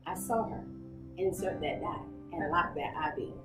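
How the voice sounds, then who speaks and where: A woman guest in a podcast interview, telling her story in an animated way and acting out the voices of others. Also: lowish voice, moderate pace. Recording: echoey room, distant mic, loud music behind.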